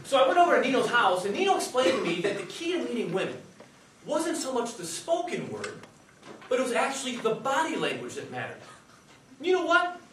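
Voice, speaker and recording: A man's voice: extremely high pitch, huge pitch swings, brisk, a bit bright. A middle-aged man giving a humorous contest speech, chatty and self-mocking, talking straight to the audience. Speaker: contest speaker. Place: meeting hall before an audience. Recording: echoey hall, distant mic, noisy.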